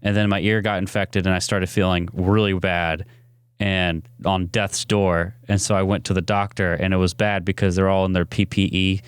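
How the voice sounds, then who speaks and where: A man's voice: low voice, little pitch movement, normal speed, clean tone, no echo. A man co-hosting a podcast, telling stories in a candid, rambling casual chat. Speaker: podcast co-host.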